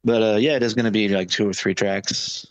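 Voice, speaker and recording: A man's voice: fairly low pitch, fairly even intonation, moderate pace, no echo, low-quality recording. A man answering interview questions about touring, talking casually with many fillers and restarts. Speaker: touring musician, interview guest.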